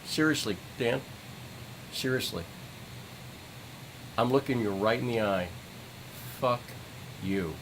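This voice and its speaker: An angry middle-aged man in a livestream rant, voice of ordinary pitch, swearing and hammering the same phrases again and again. A faint hum sits under the recording. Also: unhurried, pauses often. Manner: furious, profane, repeats phrases for emphasis. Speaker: citizen journalist streamer.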